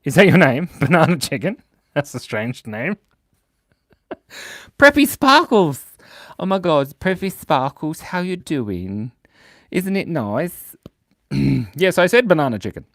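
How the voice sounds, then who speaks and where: Man, livestream drawing host, playful, lively swooping pitch, dry close sound. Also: unhurried, pauses often, no echo. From Australia. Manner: playful, jumps between loud bursts and mumbled asides. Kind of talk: casual live-stream chat reading comments. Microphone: mic set in a beard.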